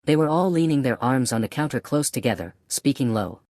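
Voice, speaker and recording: A man narrating a classic novel as an audiobook in a measured reading style. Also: mid-range voice, lively intonation, darkish tone, no echo, clean studio sound. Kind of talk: scripted narration.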